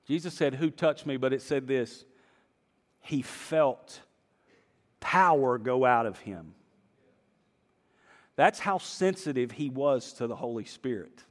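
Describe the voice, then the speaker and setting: Animated preacher in a reverberant hall. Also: male voice, mid-range voice, slow pace, long pauses. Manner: animated storytelling, acting out voices, swings from hushed to loud. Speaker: pastor. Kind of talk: sermon. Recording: long reverb of a large hall.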